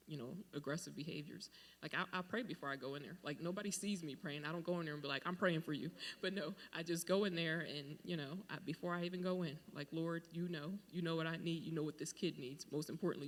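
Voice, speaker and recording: A man's voice: a little high, gravelly. A man who works as a school administrator, talking earnestly in a casual podcast discussion and acting out what he says to children. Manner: earnest, animated storytelling with acted-out quotes.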